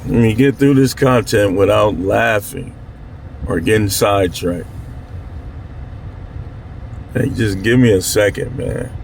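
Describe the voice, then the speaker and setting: Blunt, gravelly man ranting to his viewers. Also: on the low side, slow pace, long pauses, darkish tone, a little hiss or hum. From Milwaukee, Wisconsin. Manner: blunt, slangy, fired-up, addresses viewers directly. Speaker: channel host. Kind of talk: candid to-camera monologue.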